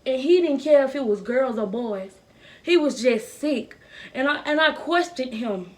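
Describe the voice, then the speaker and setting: Young woman doing a storytime vlog, kinda high voice, earnest and emotional. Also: expressive, measured pace. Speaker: vlogger telling a personal story.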